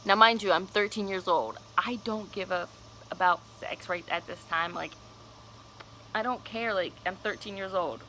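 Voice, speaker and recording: A woman's voice: mid-range voice, normal speed, pushed and bright, slight background noise, low-quality recording. A young woman telling a personal story on her vlog, casual, candid and cursing freely. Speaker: vlogger.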